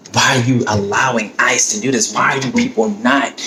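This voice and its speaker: A man's voice: medium pitch, fairly even intonation, slow pace, long pauses, noisy background. A man on his own video giving a heated, profane, emotional rant about politics. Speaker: vlogger. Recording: roomy echo, faint ambience.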